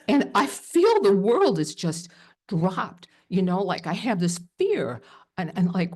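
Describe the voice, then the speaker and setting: A woman telling a personal story at a live storytelling event, animated and emotional, with many fillers. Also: mid-range voice, unhurried.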